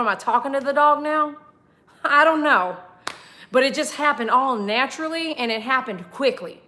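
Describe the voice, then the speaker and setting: Animated, laughing woman storyteller. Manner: animated, laughing, acts out dialogue with big pitch jumps. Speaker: pet groomer telling a story to viewers. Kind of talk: casual storytelling livestream.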